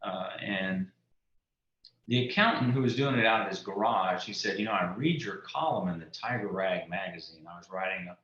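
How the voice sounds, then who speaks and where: A man in his fifties from South Louisiana, telling stories about his life as an author in a relaxed, folksy way as an interview guest. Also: low voice, moderate pace, echoey room, highs cut off. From South Louisiana, USA. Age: 50s. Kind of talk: casual interview conversation. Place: indoors at home.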